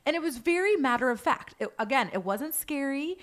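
A woman's voice: high voice, a little fast. A young adult woman who runs a hair salon, telling a story in casual podcast chat with lots of "like". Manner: animated storytelling with frequent "like".

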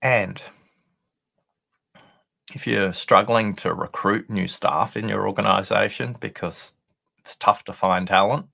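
A podcast guest who is a listening expert tells a workplace anecdote in an interview. He speaks conversationally and deliberately, pausing for effect, in a lowish, sharp voice with vocal fry.

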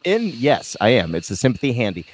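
A man's voice: mid-range voice, very animated, brisk, breathy edge, no room sound. A man hosting a casual quiz game among friends, reading out facts, joking, swearing and laughing along. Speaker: quiz host. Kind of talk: casual group quiz chat.

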